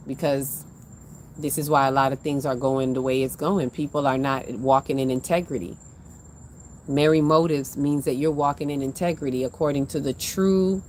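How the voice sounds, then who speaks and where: Low-voiced woman giving emphatic spiritual exhortation. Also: darkish tone, slight background noise. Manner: emphatic, repetitive, preacher-like exhortation; casual slangy delivery. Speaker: spiritual card reader. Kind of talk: live-streamed spiritual card reading.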